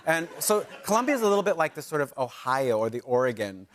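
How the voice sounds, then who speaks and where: A man chatting as a guest on a talk show in a dry, deadpan way. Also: mid-range voice, fast. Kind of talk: casual chat. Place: TV studio with live audience. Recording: studio audience and room noise.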